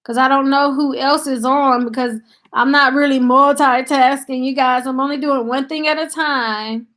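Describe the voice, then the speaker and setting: A woman's voice: high voice, fairly even intonation, moderate pace, fairly bright tone. A woman from Tennessee with a Southern country accent, chatting casually with viewers on a live stream and thanking them by name. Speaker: channel host on a live stream. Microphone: laptop.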